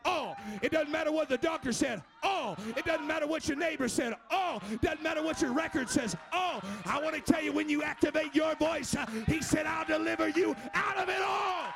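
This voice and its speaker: A male preacher delivers a fervent, shouted sermon in a chanting cadence. His voice sits very high and carries a gravelly rasp. He peppers his lines with "uh" and "amen". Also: fairly quick, few pauses, music in the background.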